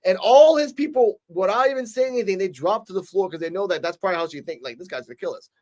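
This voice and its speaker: An animated man chatting through an episode recap, his voice sitting a little high. He acts out moments in quick voices and talks casually, with the odd swear. A relaxed review chat. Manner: casual, swears now and then. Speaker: show reviewer.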